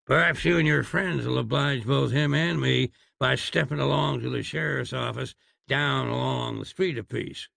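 A man doing a slow-drawling frontier marshal. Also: mid-range voice, vocal fry, sharp tone, no echo, exaggerated voice. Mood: menacing drawl. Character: stern older male frontier marshal, dry humour.

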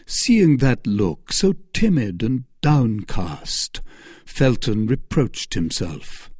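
A man narrating a classic novel as an audiobook, in a measured, expressive reading. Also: medium pitch, breathy edge, no echo, studio quality. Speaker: audiobook reader.

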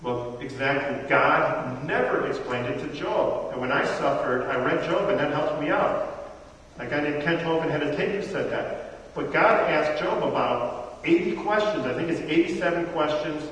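A middle-aged male preacher gives a chatty, conversational sermon in a church hall, quizzing the congregation with questions. His voice is on the high side and fairly bright at normal speed, picked up by a distant mic in a reverberant, echoey hall.

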